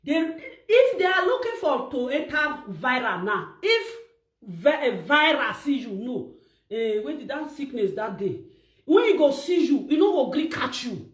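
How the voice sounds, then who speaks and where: High-voiced, animated Nigerian woman vlogger. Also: unhurried, roomy sound. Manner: animated, mocking, bursts of shouting. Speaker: vlogger commentator. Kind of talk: gossip commentary vlog.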